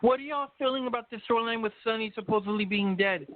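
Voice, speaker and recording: A man's voice: sits high, fast talker, no echo. A man co-hosting a casual soap opera chat, chatty and sharing story teasers. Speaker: co-host. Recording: tinny phone-line audio.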